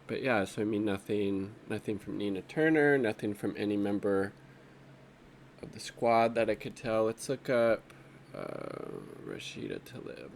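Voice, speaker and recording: A man's voice: fairly low pitch, sing-song, a little slow, gravelly, slight background noise. A man giving casual off-the-cuff political commentary while browsing social media, rambling and profane, with an exasperated edge.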